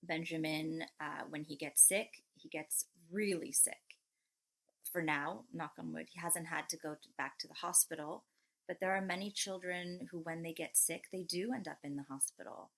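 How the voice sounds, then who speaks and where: Reflective woman with a lowish voice. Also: gravelly, a bit bright, poor audio. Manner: reflective, measured, pauses to rephrase. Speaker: guest, mother of three. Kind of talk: heartfelt interview conversation.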